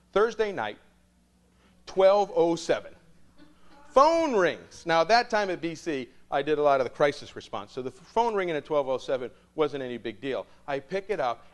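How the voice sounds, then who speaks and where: A man, a priest, telling a story to students in an animated way, acting out the dialogue. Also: fairly high pitch, normal speed.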